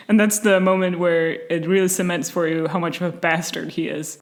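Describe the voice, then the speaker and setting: A woman hosting a casual commentary video, animated and sarcastic, often breaking into laughter. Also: lowish voice, a little fast, hardly any pauses. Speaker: video essay host.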